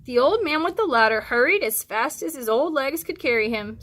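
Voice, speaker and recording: A woman teacher reading a storybook aloud to children, stopping for chatty, encouraging asides. Her voice sits high and sounds bright and forceful. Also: animated, brisk, few pauses.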